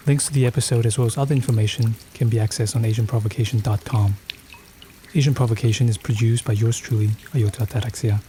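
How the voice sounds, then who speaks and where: A man reading a podcast outro with credits in a calm, measured way. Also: mid-range voice, a little hiss or hum. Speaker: podcast host. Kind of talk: scripted outro narration. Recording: faint music underneath.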